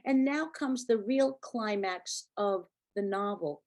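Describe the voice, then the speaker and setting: A woman's voice: mid-range voice, slow. A woman reading a novel aloud, acting out the dialogue and stopping to comment on it. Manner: acted, lively dialogue voices. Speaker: reader.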